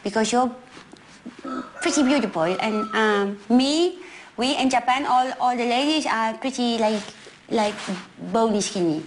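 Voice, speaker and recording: A woman's voice: on the high side, measured pace, a little hiss or hum, close to an everyday voice. A woman playing a naive, bubbly female interviewer from Japan in a comic TV sketch, speaking broken English and willfully misunderstanding her guest. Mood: deadpan.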